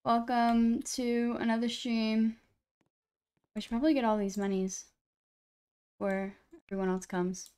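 A woman's voice: on the high side, flat delivery, unhurried, long pauses, mellow, smooth. A woman live-streaming a game, chatting casually to her viewers in a rambling, self-deprecating way into a computer mic.

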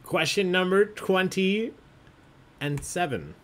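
A man's voice: fairly high pitch, takes it slowly. A man hosting an online trivia game, chatty and jokey, often laughing as he reads out answers. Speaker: trivia host.

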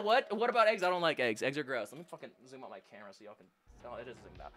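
Young man, livestream chatter, bright tone, very lively pitch, upbeat, foul-mouthed. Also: fast talker. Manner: upbeat, chatty, swears freely. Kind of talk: casual live-stream chat.

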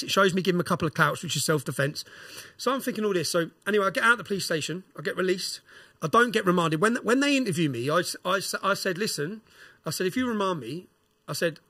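Fast, husky English man telling a story. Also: high voice, bright, forceful tone, dry recording. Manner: emphatic, fires "yeah?" tags at the listener. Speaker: podcast guest. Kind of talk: storytelling and ranting.

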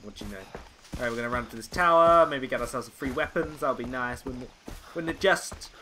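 A man's voice: medium pitch, a little fast, slight background noise. Sarcastic guy gaming. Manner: sarcastic, chatty, easily exasperated. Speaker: let's play gamer. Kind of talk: casual gameplay commentary. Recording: game music loud behind voice.

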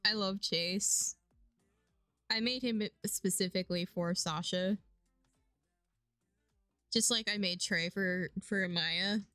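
A young woman streaming a life-sim game, chatting casually and getting excited and squealy at times. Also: mid-range voice, takes it slowly, long pauses, dry recording, studio quality, soft background music. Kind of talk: casual gameplay commentary.

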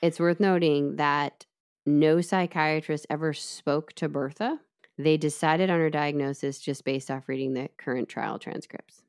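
Woman w a low voice walking her friend thru a crime case, chatty, tosses in side comments. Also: a little slow, smooth. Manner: chatty, lively retelling with asides. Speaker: podcast co-host telling the case. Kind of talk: casual true-crime storytelling.

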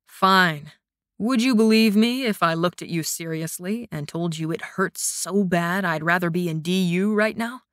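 A woman's voice: fairly low pitch, a little slow, fairly bright tone, dry recording, studio quality. A woman voicing a playful, injured young male warrior who mumbles lazily and hams up his pain. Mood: teasing. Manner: lazy, mumbling, mock-dramatic.

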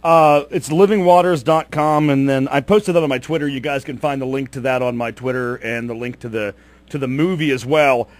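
A man's voice: mid-range voice, a little fast, no room sound. A man hosting a radio interview who asks questions hesitantly, with many fillers. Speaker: radio host.

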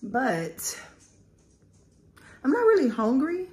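A woman's voice: sits high, huge pitch swings, takes it slowly, a little mellow, low-quality recording. A woman vlogging in a candid, heartfelt way from home. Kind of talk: casual vlog chat. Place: indoors at home.

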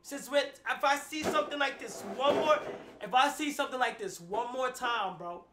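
A young man talking casually on a livestream, excitable and profane, with loud outbursts. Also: very high voice, moderate pace, slight background noise.

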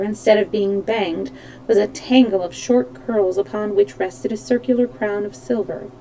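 Mellow-voiced woman reading a storybook aloud. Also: mid-range voice, a little hiss or hum, poor audio. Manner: steady reading with small slips and self-corrections. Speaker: storytime host. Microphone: streaming mic.

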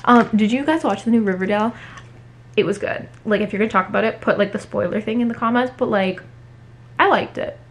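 A woman chatting casually at home in a haul vlog, talking fast with many fillers. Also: medium pitch. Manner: chatty, fillers every few words. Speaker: book vlogger.

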